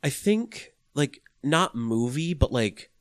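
A man's voice: medium pitch, lively intonation, takes it slowly, dry recording, studio quality. A young man co-hosting a casual podcast chat, rambling with lots of "like" and swearing freely. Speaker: podcast co-host.

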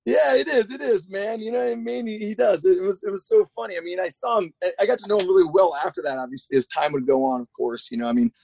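Fast-talking, gravelly man telling stories. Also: sits high. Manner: rambling, profane, animated. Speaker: guest. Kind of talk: casual storytelling.

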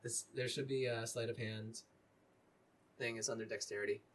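A man narrating as game master in a tabletop game, talking casually and haltingly with many fillers. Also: medium pitch, steady tone.

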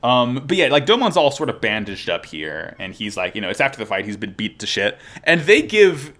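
A man casually recapping a show episode with a podcast co-host, excited and swearing freely. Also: mid-range voice. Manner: excited, swears a lot, quick restarts.

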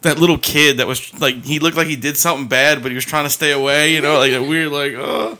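A man's voice: fairly high pitch, steady tone, fast. A man co-hosting a podcast, bantering and laughing in casual chat. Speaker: podcast co-host. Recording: loud background noise.

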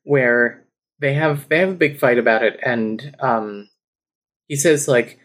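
Dude on a podcast, mid voice, casual and jokey, swears a lot. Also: male voice, mid-range voice, normal speed. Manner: casual, profane, joking. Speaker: guest.

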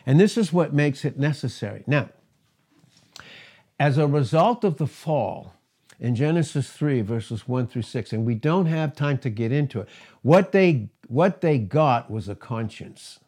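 A man's voice: mid-range voice, animated, a little slow, a little mellow, husky. A man preaching a sermon, emphatic, who repeats words for stress and asks rhetorical questions. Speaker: pastor.

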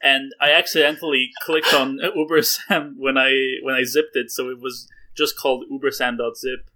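A man's voice: mid-range voice, little pitch movement, normal speed, bright, forceful tone. A male game developer in a casual interview, chatting with amused, joking asides. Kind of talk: casual chat.

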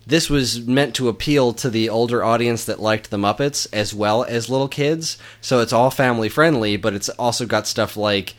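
A man's voice: medium pitch, normal speed, hardly any pauses. A man in casual chat, recapping a film with enthusiasm. He laughs often and uses a lot of fillers and restarts.

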